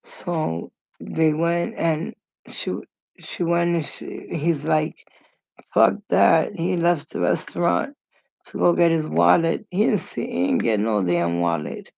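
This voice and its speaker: A woman's voice: low-pitched, animated, slow, vocal fry, darkish tone, no room sound. A woman telling rambling stories in a casual vlog, acting out the people in them as she goes. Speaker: storyteller. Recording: dull lo-fi recording.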